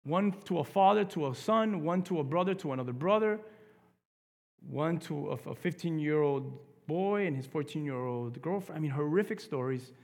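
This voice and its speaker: A male pastor preaching a sermon in a church, dropping to a hush and then rising to loud emphasis. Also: on the high side, lively intonation, normal speed, creaky, big-room sound. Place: church sanctuary.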